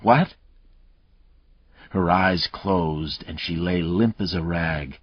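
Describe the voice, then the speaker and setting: A man reading a thriller audiobook aloud in measured, dramatic narration. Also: deep voice, fairly even intonation, highs cut off.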